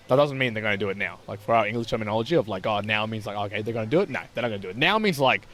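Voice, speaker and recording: A man's voice: fairly low pitch, lively intonation, a bit bright. A man co-hosting a podcast, telling stories and joking with his friend in casual chat. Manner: chatty storyteller, quick to tease back. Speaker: podcast co-host.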